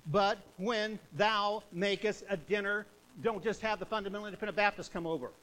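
With a high-pitched, steady voice and a slightly fast pace, a man delivers an old-style revival sermon. He evangelizes through emphatic repetition, alternating loud exhortation and hushed intensity.

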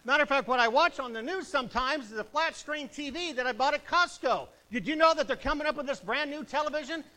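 Man, preacher, high voice, bright sharp tone, fiery revivalist sermon, loud bursts and hushed asides. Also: low-quality recording.

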